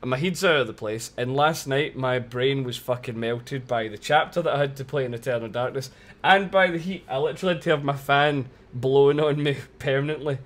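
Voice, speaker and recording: A man's voice: mid-range voice, fairly quick, hardly any pauses, a bit bright. A young man chatting casually on a live game stream, laughing often and swearing freely.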